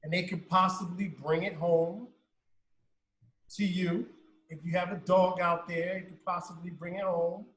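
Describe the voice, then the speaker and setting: A man's voice: sits high, little pitch movement, unhurried, fairly bright tone, reverberant, a little hiss or hum, rough recording. A man co-hosting a radio talk show, chatting casually and giving advice to listeners. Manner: conversational, advising listeners. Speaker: radio co-host.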